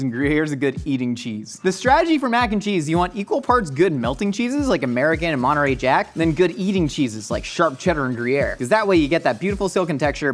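A man hosting a casual cooking demonstration in a kitchen studio, joking and wandering into rambling asides, jumping into a high squeaky voice when acting out stories. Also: a bit bright. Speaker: cooking show host.

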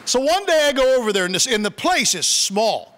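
A man's voice: very high voice, sing-song, a little fast, fairly bright tone. A male pastor preaching a sermon in a church, telling humorous, conversational stories. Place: church sanctuary. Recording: long church reverb.

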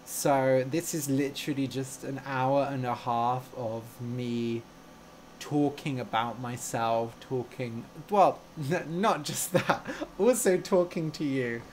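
Casting: young male teacher, unhurried and chatty, affectionate and jokey on a live stream. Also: mid-range voice, darkish tone, slight background noise. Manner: chatty, gushing and playful, laughs easily. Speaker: English teacher and podcast host. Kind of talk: casual live-stream chat with learners.

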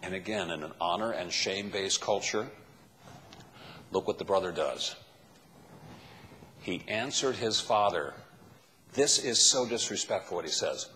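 A man's voice: on the low side, lively intonation, a little slow, long pauses, sharp tone. A man preaching a sermon as a pastor, asking the listeners question after question. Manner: asks the listeners many questions. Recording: long hall reverb.

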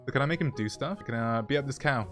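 A young gaming YouTuber excitedly narrates his video game playthrough in voice-over, firing off quick jokes and self-mocking remarks. His voice is middle-pitched, with faint music playing underneath.

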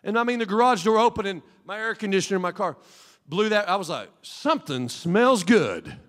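A middle-aged man, the pastor, preaching a Pentecostal sermon in a folksy, animated way with homely asides. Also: high-pitched, fast. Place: church sanctuary. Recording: long hall reverb.

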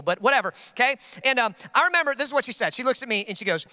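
Pastor, male, casual self-deprecating sermon; smooth clear voice, reverberant church hall. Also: very high-pitched, expressive, racing, few pauses, sharp tone.

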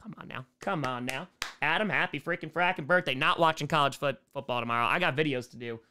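A young man live-streaming a football game, calling the plays and reading out viewer messages, excitable and loud at big moments. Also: a little high, quick pace, a little hiss or hum. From United States. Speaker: sports streamer and comedian. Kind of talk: live play-by-play and chat reading.

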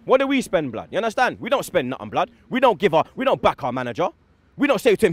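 A man's voice: sits high, sing-song, slightly rough, no room sound. A young man, heatedly ranting as a football fan after a match, emphatic and full of street slang. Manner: fast, emphatic, slang-heavy, repeats "blood" and "yeah". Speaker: football fan giving post-match reaction.

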